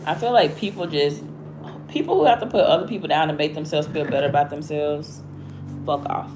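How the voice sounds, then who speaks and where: Against some background noise, a woman with a low voice talks fairly quickly while hosting a casual livestream chat. A Southern-accented Alabamian from the USA, she is blunt, slangy, and chatty, drifting between stories as she rambles.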